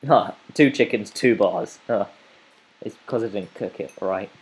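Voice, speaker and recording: A man's voice: fairly low pitch, measured pace, husky, rough recording. A man giving playful, rambling let's play commentary as a gaming channel host, chatting to the animals in his game.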